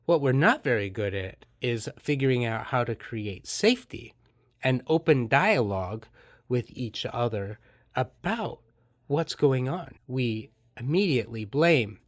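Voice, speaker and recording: A man hosting a podcast, explaining in an earnest, gentle way and acting out calm dialogue. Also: mid-range voice, a little slow, dry recording, studio quality. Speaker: podcast host and therapist. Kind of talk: reflective podcast monologue.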